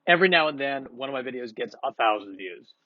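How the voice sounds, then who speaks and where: A man's voice: medium pitch, lively intonation, quick pace, no echo, phone-quality sound. A man doing a casual, rambling, self-deprecating monologue, with sniffles and frequent restarts. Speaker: comedian vlogger.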